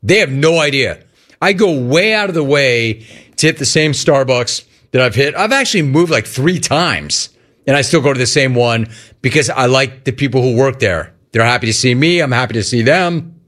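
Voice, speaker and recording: A middle-aged man hosting a call-in radio show, ranting with animated energy and mocking cheerful greetings in a high voice. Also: moderate pace. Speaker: sports radio host.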